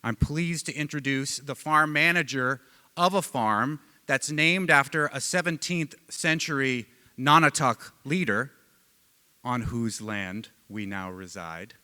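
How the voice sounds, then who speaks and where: A man, a radio host, emceeing a live storytelling event on stage with energetic, joking delivery. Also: medium pitch, slow pace. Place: stage in a hall with live audience. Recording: long hall reverb.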